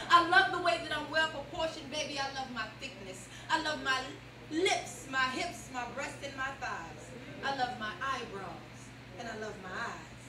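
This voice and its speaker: A woman's voice: high-pitched, expressive, moderate pace, background noise. A woman performing stand-up and a spoken-word poem on a club stage, sassy and playful, leading the crowd. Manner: sassy, playful, leads the crowd in call-and-response. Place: comedy club stage before a live audience. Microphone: handheld stage mic heard from a distance. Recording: echoey club, distant mic, loud crowd.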